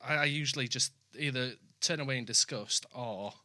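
A young adult podcast host from the West Midlands, with an accent mixing West Midlands and Yorkshire, chatting quickly and self-deprecatingly. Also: mid-range voice, very noisy. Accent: West Midlands mixed with Yorkshire. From West Midlands, England. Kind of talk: casual chat.

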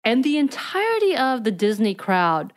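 A woman co-hosting a podcast, telling a story in casual chat with animated energy. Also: fairly high pitch, normal speed. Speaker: podcast co-host.

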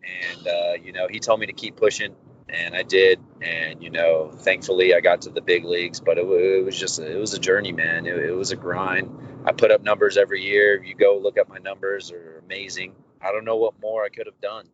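Low-voiced man telling his story candidly. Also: brisk. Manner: animated, candid storyteller acting out quoted dialogue. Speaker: professional baseball pitcher, guest. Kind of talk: casual storytelling interview. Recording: dull lo-fi audio with faint background noise.

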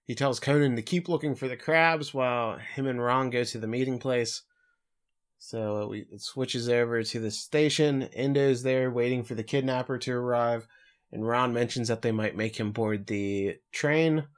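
A man's voice: medium pitch, fairly even intonation, moderate pace. A man co-hosting a podcast, casually recapping an episode in a rambling, self-correcting way with dry jokes.

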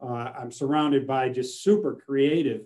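A man's voice: mid-range voice, a little slow, darkish tone. A man speaking as a sales manager and guest in a casual interview from his office, friendly and full of fillers. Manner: friendly, filler-heavy with many uh's.

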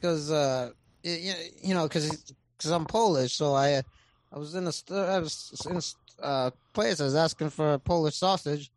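A man speaking as a podcast guest, stumbling and repeating words as he tells a joke. His voice is fairly high for a man and sounds dry, recorded close to the mic. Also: normal speed, no echo. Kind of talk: casual chat.

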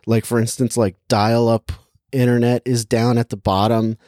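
A man's voice: medium pitch, level tone, normal speed, mellow, no echo, clean studio sound. A young man casually chatting and reviewing a movie, rambling with lots of filler words and laughing easily. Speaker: podcast co-host reviewing a movie. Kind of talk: casual chat.

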